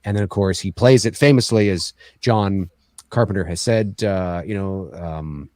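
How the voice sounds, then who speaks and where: A man's voice: low-pitched, moderate pace, a little mellow, dry recording, clean studio sound. A man hosting a casual panel talk, rambling and acting out film lines as he goes.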